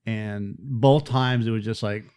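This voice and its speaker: A man's voice: on the low side, fairly even intonation, measured pace, darkish tone, clear, resonant tone. A man co-hosting a podcast in casual chat, who tosses in wry, teasing remarks. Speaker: podcast co-host.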